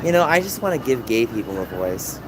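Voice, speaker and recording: A man's voice: medium pitch, very animated, fairly quick. Man in his thirties streaming outdoors. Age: 30s. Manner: chatty and emotional, reading out viewer comments. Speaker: livestreamer. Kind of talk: casual livestream chat. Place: city streets at night, outdoors. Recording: street noise behind. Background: city traffic noise.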